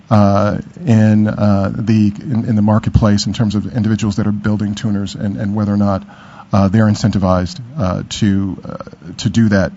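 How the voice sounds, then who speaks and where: Low, flat-voiced man reporting at a meeting, halting and gravelly. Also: lo-fi sound. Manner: halting, many fillers and restarts. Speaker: task force member reporting. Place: meeting room.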